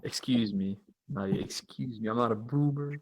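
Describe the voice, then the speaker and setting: A young man co-hosting a casual podcast over an online call, reading out listener questions in a relaxed, joking manner with plenty of slang. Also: medium pitch, normal speed, rough recording. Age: young adult. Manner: laid-back, jokey, slangy. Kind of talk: casual chat.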